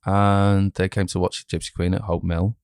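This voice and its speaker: A man's voice: deep voice, little pitch movement, normal speed, a little mellow, clean tone, dry recording, studio quality. A young man, an actor chatting as a guest in a casual interview, rambling with many restarts and fillers.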